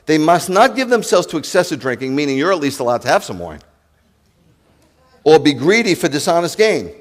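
Brief: New rabbi, lively and jokey sermon delivery, talks right at the congregation. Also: male voice, on the high side, fairly quick. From New York. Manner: animated, joking, addresses the congregation directly.

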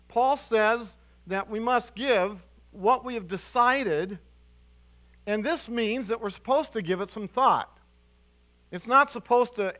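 A male pastor preaching a sermon to his congregation, animated and emphatic, with restarts and sudden loud bursts. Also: sits high, dull audio. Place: church sanctuary.

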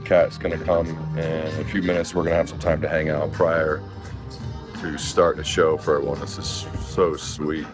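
A man's voice: rumbling low, flat delivery, moderate pace, reverberant, over music. A man vlogging upbeat to camera as a podcast host, enthusiastic about the day ahead. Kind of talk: vlog talking to camera.

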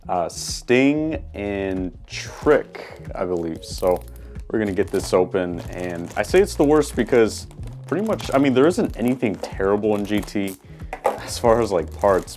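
A man casually talking through a toy unboxing at a small table, relaxed and chatty with frequent ums and uhs. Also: low voice. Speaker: toy collector reviewer.

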